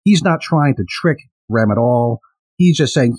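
A man's voice: medium pitch, lively intonation, unhurried, a little mellow, slightly rough. A man co-hosting a podcast, talking through ideas in a thoughtful, casual way with frequent restarts. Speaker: podcast co-host.

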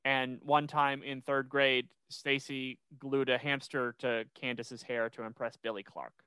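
A young man hosting a podcast, recapping an episode in casual chat with lots of restarts and an animated delivery. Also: medium pitch, a little slow, clean tone, no echo. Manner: rambling, many restarts, animated. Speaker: podcast host.

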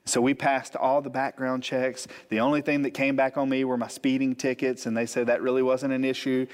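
A man, preaching as a pastor and telling a funny personal story, animated, acting out the quotes. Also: medium pitch, brisk, clean tone. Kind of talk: storytelling sermon. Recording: long hall reverb.

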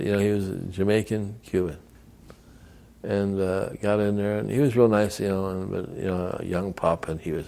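A man's voice: low-pitched, vocal fry, darkish tone. An older man, a veteran, telling rambling anecdotes in an oral history interview and acting out the people he quotes.

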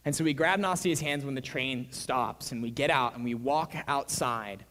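A young man delivers a sermon in a large hall with a long, ringing reverb. His voice sits in an ordinary middle range. He tells stories vividly, swinging from excited, loud moments to soft, hushed ones. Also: mid-range voice, normal speed. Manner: storytelling, shifts between loud excitement and hushed quiet. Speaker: preacher.

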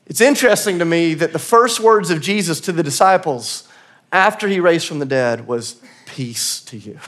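A man's voice: on the high side, expressive, normal speed, a bit bright. A man giving a church sermon in a conversational, earnest way, sometimes laughing at himself. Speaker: pastor. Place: church auditorium.

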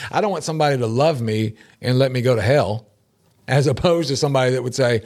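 A middle-aged man co-hosting a casual talk show, animated and laughing often as he acts out quotes in shifting voices. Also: mid-range voice, fast talker. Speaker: podcast co-host. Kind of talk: casual chat.

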